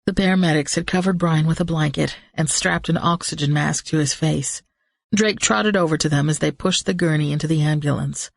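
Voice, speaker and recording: Low-voiced woman narrating an audiobook. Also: gravelly, no echo, studio quality. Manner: tense, measured storytelling. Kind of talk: first-person audiobook narration.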